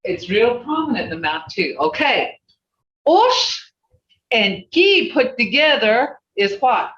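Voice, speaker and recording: Slow, sing-song language teacher on a video call. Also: mid-range voice, sing-song, a bit bright. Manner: repeats native words slowly to drill sounds; folksy, plain-spoken, addresses class as "y'all" and "people". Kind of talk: online language class, pronunciation drill. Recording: distant, roomy, dull video-call audio with faint hiss.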